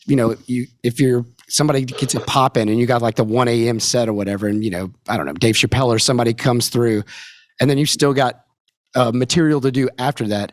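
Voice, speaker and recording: A man hosting a podcast asks loose, rambling questions with plenty of filler words. His voice sits at a middle pitch, recorded close and dry with no room sound. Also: no room sound. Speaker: podcast host. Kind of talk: casual podcast interview.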